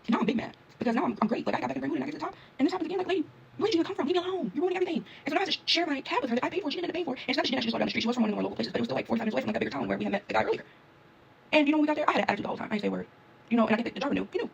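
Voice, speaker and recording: Fast-talking gravelly woman ranting. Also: medium pitch, slight background noise. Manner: fast, animated, talks straight to viewers. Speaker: travel vlogger. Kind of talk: casual storytime rant.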